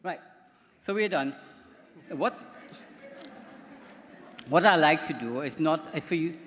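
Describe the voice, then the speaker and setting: A man's voice: fairly high pitch, animated, takes it slowly, fairly bright tone, a little hiss or hum. A man, a doctor, giving a conference presentation in a chatty, rambling way with repeated words. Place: conference hall. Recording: hall reverb from a microphone in a conference room.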